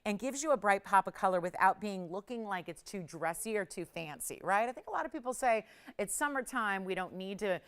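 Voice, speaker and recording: Selling jewelry live, a middle-aged shopping channel host speaks briskly in a clean, mid-range voice with lively intonation. She stays chatty and upbeat, breaking into laughter now and then.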